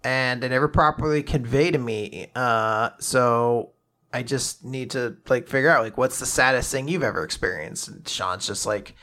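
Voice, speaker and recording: Recapping a manga chapter as a podcast co-host, this man speaks at normal speed in a mid-range voice, casually swearing and excitedly performing the characters' lines.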